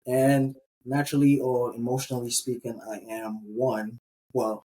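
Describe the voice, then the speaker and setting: Earnest husky man from Ghana. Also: mid-range voice, flat delivery, mellow, poor audio. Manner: earnest, measured, reflective. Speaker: podcast guest. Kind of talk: casual interview talk.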